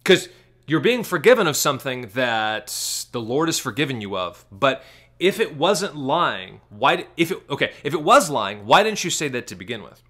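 A man giving commentary on a clip, asking sarcastic rapid-fire questions. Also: mid-range voice, sing-song, fairly bright tone, slightly rough.

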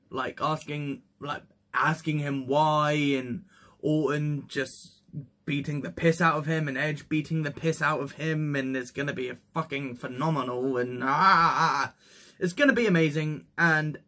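A young man talks through his picks in a loose, casual monologue, swearing freely and breaking into excited whoops. His voice sits fairly high for a man, and he takes his time, drawing his words out slowly. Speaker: wrestling predictions vlogger.

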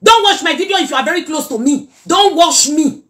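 A middle-aged Nigerian woman chatting casually in a reaction vlog, animated and scolding by turns. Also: very high-pitched, fairly quick. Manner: animated, mixes pidgin and Yoruba, scolding asides. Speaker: social media commentator.

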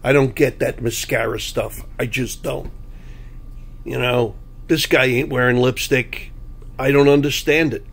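A man delivering a blunt, combative political monologue, full of anecdotes. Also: medium pitch. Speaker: political commentary host.

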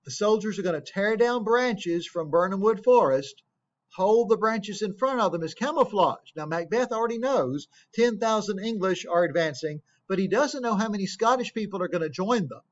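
A man's voice: high voice, animated, normal speed. A man teaching a play, explaining scenes plainly, asking rhetorical questions and reading quotations aloud. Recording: dull lo-fi recording.

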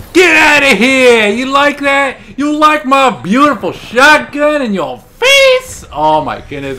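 A man commentating his own shooter gameplay in an excitable way, swearing often and laughing or shouting at big moments. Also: high voice, background noise. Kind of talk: let's play commentary.

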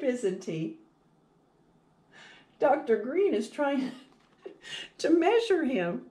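A storytime host reading a picture book aloud, a woman with a fairly high voice. Her pitch swoops up and down in a lively sing-song as she speaks straight to young listeners. She takes it slow, stretching out every phrase.

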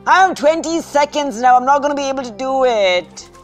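A woman giving casual gameplay commentary, excitable and anxious, often calling out "dude". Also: high-pitched, brisk, soft background music. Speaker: gaming video host.

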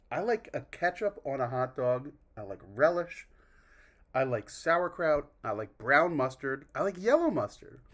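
A man's voice: mid-range voice, fairly bright tone. A man hosting his own vlog, rambling in a wry, self-deprecating way with mock groans and asides. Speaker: vlog host. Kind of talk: casual rambling monologue.

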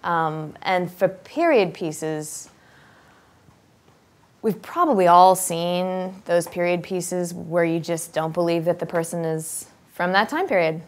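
Open, chatty actress with a lowish voice. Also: female voice, takes it slowly. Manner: open, straightforward, talkative; animated, sometimes laughing, thinking aloud with ums. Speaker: actress and accent coach. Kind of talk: casual interview talk.

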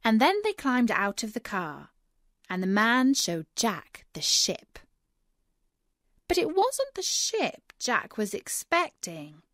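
A woman reading a children's story aloud clearly and expressively for English learners, on a close studio mic. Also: a little high, huge pitch swings, takes it slowly, a bit bright, no room sound. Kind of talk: scripted storybook narration.

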